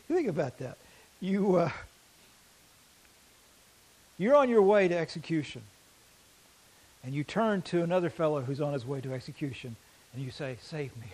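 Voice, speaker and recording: A man preaching a sermon, reading scripture aloud slowly and swinging between loud emphasis and quiet intensity. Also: a little high, expressive, breathy edge, poor audio. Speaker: pastor.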